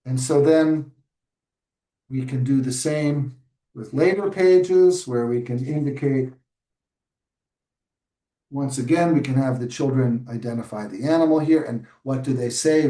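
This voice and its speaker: A man, an early childhood educator, models reading a picture book aloud in a webinar, with lively asides and self-corrections. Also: medium pitch, a little slow, pauses often. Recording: roomy sound, distant from mic.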